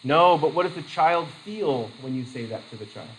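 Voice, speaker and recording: Male teacher lecturing a class; chatty, animated, fairly high pitch, slight room hiss. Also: normal speed, poor audio. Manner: lively, acts out quoted voices, laughs easily.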